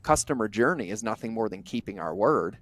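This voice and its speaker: A middle-aged man, a podcast guest, telling stories in a blunt, animated way and acting out bits of dialogue as he goes. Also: lowish voice. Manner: animated, acts out imagined dialogue in quick bursts; blunt, drops the odd curse. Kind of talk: conversational interview storytelling.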